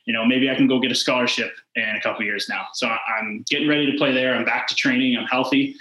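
A man's voice: medium pitch, steady tone, fast, pushed and bright. A man in his twenties, a former hockey player, telling his story in a casual interview. He rambles and fills his talk with "like" and quoted back-and-forth. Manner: rambling, heavy use of "like" and quoted dialogue. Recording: echoey room.

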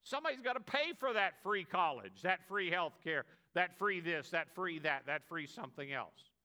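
Bright-voiced preaching man. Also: high-pitched, lively intonation, normal speed. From United States. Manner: emphatic preaching, repeated "amen" calls. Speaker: pastor. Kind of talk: sermon.

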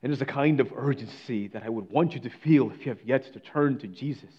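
A man delivering a sermon with a mid-pitched voice. His delivery is dramatic, rising to declaiming passages and sinking to hushed, near-whispered lines. The recording sounds dull and a bit lo-fi. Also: a little fast. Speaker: preacher.

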